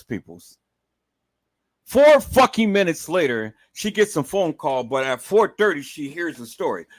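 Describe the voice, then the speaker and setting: A man's voice: on the high side, no echo, rough recording. A man hosting a commentary livestream, ranting angrily with constant profanity and repetition.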